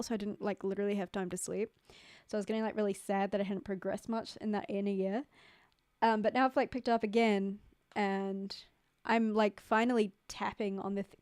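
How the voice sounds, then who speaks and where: A young woman from New Zealand streams, chatting casually with viewers in a rambling way, saying "like" constantly and swearing casually. Her mid-range voice has a darkish, clean tone, captured on a studio mic with clean studio sound and no room sound.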